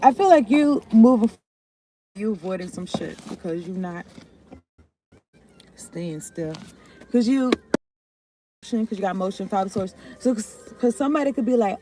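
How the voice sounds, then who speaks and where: A woman's voice: mid-range voice, animated, normal speed, pauses often, noisy background. A woman giving a loose, rambling tarot reading, swearing and often trailing off. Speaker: tarot reader.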